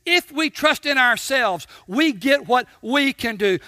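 A man preaching a sermon, swinging from shouts to hushed tones and acting out little dialogues with God. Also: very high-pitched, lively intonation, slow, no echo, clean studio sound. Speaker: pastor.

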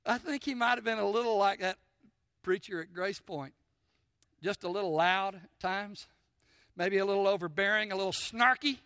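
A pastor preaches in a church sanctuary with a high, sharp, bright tone at normal speed, firing call-and-response questions at the congregation. He swings from loud, forceful emphasis down to soft near-whispers. The sound is close and dry, with no room sound.

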